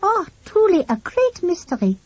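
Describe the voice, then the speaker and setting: A woman voicing a polite, timid French schoolboy with a French accent who speaks halting broken English. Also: very high voice, very animated, a little mellow, no echo, voice pushed up. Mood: innocent.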